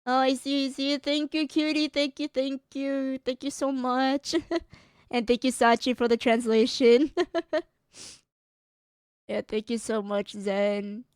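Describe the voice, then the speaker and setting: A woman's voice: high voice, steady tone, slow pace, long pauses, clear, resonant tone, no room sound, studio quality. A woman streamer chatting on a livestream, choked up and tearful, giggling between her phrases. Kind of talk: casual livestream chat.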